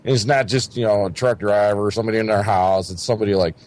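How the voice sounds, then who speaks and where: A man's voice: fairly low pitch, steady tone, fast, a little mellow. A man co-hosting a casual radio talk show, rambling and exasperated. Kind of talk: casual chat.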